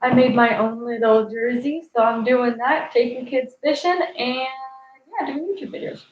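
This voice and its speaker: A woman in her twenties with a fairly high voice hosts a fishing live stream at a moderate pace, chatting casually, reading viewer comments aloud and laughing at her own jokes. The live-stream audio is echoey and slightly dull, with a little hiss or hum.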